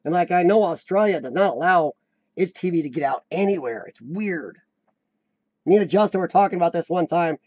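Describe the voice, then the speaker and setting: A man hosting a casual live chat, rambling and answering viewers, his voice a little rough from lung trouble. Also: high voice, lively intonation, brisk, a little mellow, dry recording. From United States. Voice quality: slightly rough voice from lung problems. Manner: rambling, chatty, laughs often, answers viewers by name. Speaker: livestream host.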